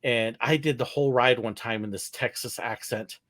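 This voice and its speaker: A man from California telling relaxed stories over a video call, laughing often. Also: mid-range voice, moderate pace. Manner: easygoing storyteller, laughs often. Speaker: guest, former theme park ride skipper. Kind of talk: casual video call chat.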